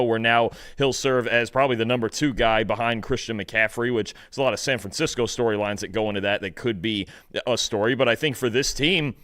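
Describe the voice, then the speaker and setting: A man co-hosting a football show, talking through team storylines quickly, with restarts as he thinks aloud. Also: mid-range voice, a bit bright, no room sound, studio quality. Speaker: co-host, football analyst. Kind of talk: casual sports analysis chat.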